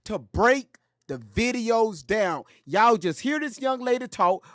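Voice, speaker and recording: A man hosting a commentary channel, talking in an animated, joking way full of slang and profanity. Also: high-pitched, takes it slowly, no echo, studio quality. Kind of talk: casual commentary.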